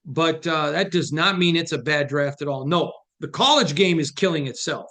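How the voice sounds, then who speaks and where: A man's voice: a little high, expressive, pushed and bright. A man hosting a casual sports talk show, answering viewer questions in an emphatic, joking manner. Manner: emphatic, preachy, quick to joke. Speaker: host.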